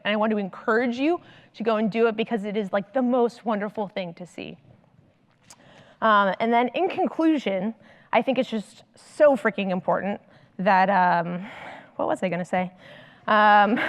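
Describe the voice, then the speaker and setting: Female speaker, 30s, consultant at a conference; chatty storyteller, average pitch, long reverb of a big hall. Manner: animated storytelling, frequent "like". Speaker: consultant and coach. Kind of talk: conference talk.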